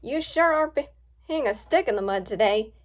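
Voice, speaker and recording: A confident, upbeat male lion who is always the one making the plan, as a woman reads him aloud. His voice sits high and springs up and down with eagerness. It is a storybook reading. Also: animated, moderate pace, close to an everyday voice.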